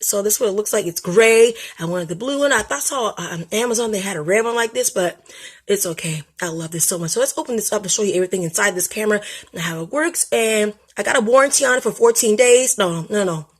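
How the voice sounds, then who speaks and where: A chatty woman hosts a casual unboxing vlog for her craft channel, talking straight to "you guys" with a husky, slightly breathy voice. She swings between shy self-deprecation and bursts of excitement, at a middling pitch. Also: fast. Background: people upstairs making noise.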